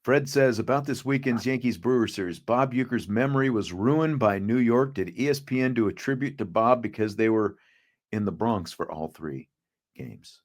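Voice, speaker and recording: A man hosting a podcast in casual sports chat, relaxed and reading out viewer comments. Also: mid-range voice, normal speed. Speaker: podcast host.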